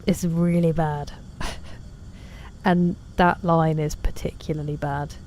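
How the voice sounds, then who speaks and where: A woman chats through a game stream, talking to her viewers and teasing herself. Her voice sits low and mellow, with a faint hiss underneath. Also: level tone, takes it slowly. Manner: chatty, self-deprecating, reads out chat messages. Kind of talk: casual gaming stream chat.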